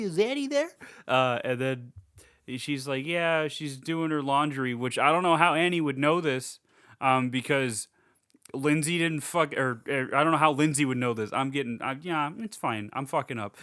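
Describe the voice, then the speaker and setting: Bright, smooth-voiced man recapping a film. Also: fairly high pitch, no room sound, clean studio sound. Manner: rambling, laughing, putting on brief character voices. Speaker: podcast co-host. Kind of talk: casual movie recap chat.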